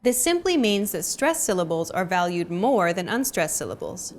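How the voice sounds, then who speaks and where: Woman, young adult, lesson host, upbeat teacherly delivery, lively melody. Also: lowish voice, moderate pace. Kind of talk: scripted lesson narration.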